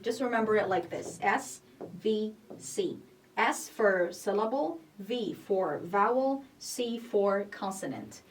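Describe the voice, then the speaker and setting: A woman's voice: mid-range voice, animated, takes it slowly, far from the mic. A woman teaching an English grammar lesson, explaining patiently, repeating each point and checking in with "okay?". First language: not Arabic.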